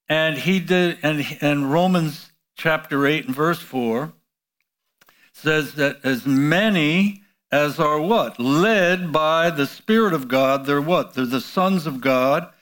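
A fairly bright, somewhat high male voice leads a sermon. Peppering his words with "you know" and shouts of hallelujah, he keeps prompting the congregation with call-and-response questions.

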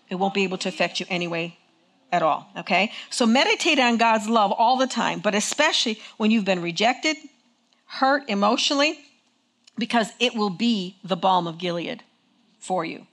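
A woman's voice: mid-range voice, fairly bright tone. A woman preaching a sermon in a conversational way, checking in with her congregation and leading them in call and response. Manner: conversational, engaging the congregation with frequent "okay?". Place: church with congregation.

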